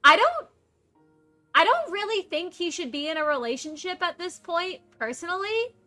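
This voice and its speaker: Bubbly, bright-voiced woman streamer. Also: very high-pitched, sing-song, moderate pace, soft background music. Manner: bubbly, reads chat messages aloud and greets viewers. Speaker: game streamer. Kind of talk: casual live-stream chat.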